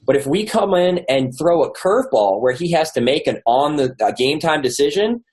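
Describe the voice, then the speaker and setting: A man's voice: fairly high pitch, lively intonation, normal speed, a little mellow, rough recording. A man, an author being interviewed, telling a story casually with lots of fillers and restarts. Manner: rambling with many likes and restarts. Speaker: author and guest.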